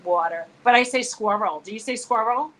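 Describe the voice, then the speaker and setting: Woman co-host, fairly high voice, chatty and quick to laugh, faint background hiss. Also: fairly bright tone, low-quality recording. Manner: chatty, laughs easily, plays with pronunciations. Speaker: live show co-host. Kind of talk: casual chat between friends.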